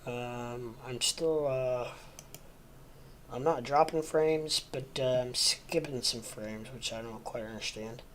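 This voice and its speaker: A man's voice: medium pitch, slow pace, a bit bright, slight background noise. A man hosting a casual livestream from home, sleepy and rambling with lots of ums and uhs. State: sleepy, yawning. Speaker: livestream host.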